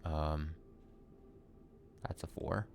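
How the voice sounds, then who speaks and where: A man with a low voice gives casual commentary while playing a puzzle game. He thinks out loud, swears freely and pokes fun at himself. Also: steady tone, drawn-out words, gravelly, a little hiss or hum. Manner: thinks aloud, swears casually, self-mocking. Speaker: let's play streamer.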